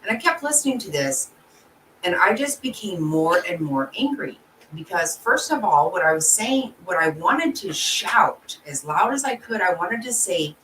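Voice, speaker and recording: A woman's voice: on the low side, big pitch swings, normal speed, bright, forceful tone. Blunt, swearing woman vlogger in a roomy echo. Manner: blunt, swears freely, emotional rants; talks to viewers and reads their comments. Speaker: channel host. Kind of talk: casual vlog commentary. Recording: roomy echo, distant from the mic, faint background noise.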